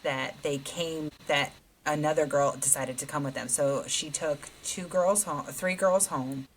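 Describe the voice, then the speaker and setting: A woman's voice: deep voice, fairly even intonation, measured pace, a little hiss or hum, rough recording. A middle-aged woman co-hosting a podcast, telling a long story in casual chat, quoting others and laughing as she goes. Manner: retells a story with quoted voices, laughing often. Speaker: podcast co-host.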